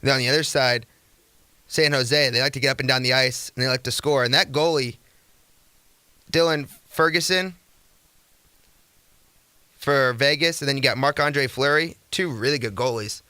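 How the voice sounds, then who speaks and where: Bright-voiced young male sports radio host. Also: medium pitch, moderate pace, long pauses, no room sound. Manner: energetic, rambling, rhetorical ranting. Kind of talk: casual sports talk radio.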